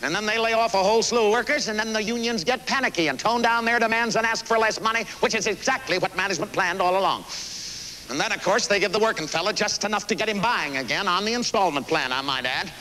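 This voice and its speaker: An actor playing a blunt, folksy older American president with a Missouri accent, performing live on stage. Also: male voice, sits high, quick pace, pushed and bright, a little hiss or hum, low-quality recording. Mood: fiery. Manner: folksy, salty, emphatic. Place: theater stage.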